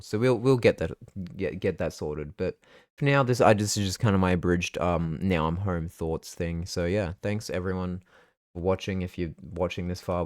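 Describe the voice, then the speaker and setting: A man's voice: deep voice, a little mellow, no echo, studio quality. A young man, chatting casually and rambling through a vlog recap of his trip. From Australia. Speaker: vlogger.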